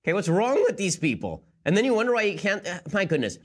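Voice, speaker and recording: A man hosting a commentary show, firing off his points at a very quick clip. His voice sits a bit high for a man, and his tone is sarcastic and incredulous. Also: very animated, breathy edge. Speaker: political commentary show host. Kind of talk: rapid-fire commentary.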